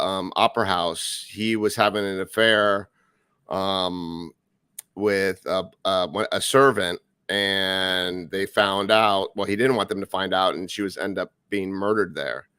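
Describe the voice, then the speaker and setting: Low bright-voiced male co-host. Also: clean tone, no echo. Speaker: radio show co-host. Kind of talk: casual chat.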